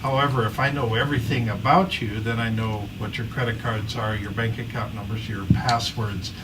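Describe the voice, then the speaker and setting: Moderator, male, halting, repeats himself, heard from far off the mic in a noisy room. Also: fairly low pitch, fairly even intonation. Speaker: panel moderator. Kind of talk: posing a question to a panelist. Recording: distant mic, noisy hall.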